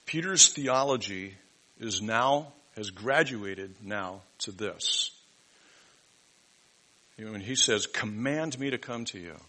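A man preaching a sermon in a bright, forceful voice. He drops to near-whispers in reflective moments, then rises to loud, emphatic declarations. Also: on the low side, animated, slow pace, rough recording. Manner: dynamic preaching, swings from hushed to loud emphatic. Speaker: pastor.

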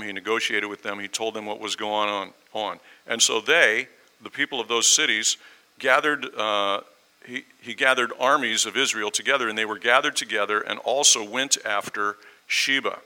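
A man's voice: on the low side, fairly even intonation, normal speed, pushed and bright, rough recording. A man preaching a sermon, telling a story and acting out the voices in it. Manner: storytelling, acts out quoted voices.

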